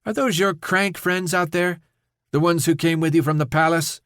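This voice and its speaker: A man voicing a hard, scornful female guard in an audiobook, raising his pitch for her. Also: steady tone, moderate pace, a bit bright, no room sound, clean studio sound, natural voice. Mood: annoyed.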